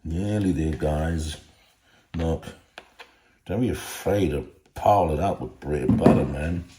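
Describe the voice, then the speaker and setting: A man's voice: rumbling low, takes it slowly. A man talking casually to his phone camera while cooking at home, joking and rambling and chatting to his dog. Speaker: bodybuilding vlogger. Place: home kitchen with a noisy fan. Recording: echoey room with fan noise.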